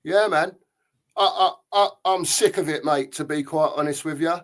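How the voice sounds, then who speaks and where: High-pitched bloke hosting a footy chat, fuming and sweary. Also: male voice, normal speed. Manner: angry, sweary ranting. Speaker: podcast host. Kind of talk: casual football chat.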